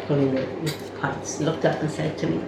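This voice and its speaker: A woman's voice: low-pitched, flat delivery, fairly quick, vocal fry. An older woman with a Cardiff accent, chatting in a group and telling a story with laughs along the way. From Wales. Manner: chatty storyteller, laughs through her tales. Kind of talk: casual group reminiscing. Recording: echoey room with background noise.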